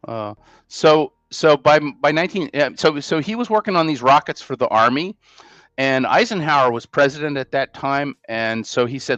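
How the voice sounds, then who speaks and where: A man hosts a casual podcast chat in a hesitant way, restarting often. His voice is on the high side, animated and fairly bright at normal speed, and the mic sounds dry and muffled.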